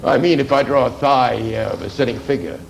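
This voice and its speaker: A man's voice: mid-range voice, fairly quick, vocal fry, slight background noise, rough recording. A man teaching anatomy for artists in a rambling, conversational lecture, full of fillers and asides. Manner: rambling, conversational, lots of fillers and "you see".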